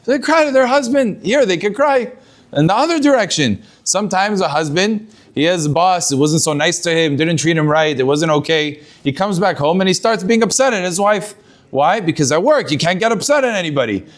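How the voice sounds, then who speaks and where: High-voiced man giving a Torah talk. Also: animated, fairly quick. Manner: storytelling, acts out quoted voices, mixes in Hebrew words. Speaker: rabbi.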